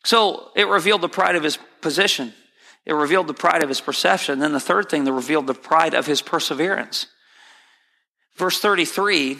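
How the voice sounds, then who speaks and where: A man's voice: fairly high pitch, a little fast, bright, forceful tone. A man preaching a sermon as pastor, conversational and repetitive with many restarts. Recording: hall reverb.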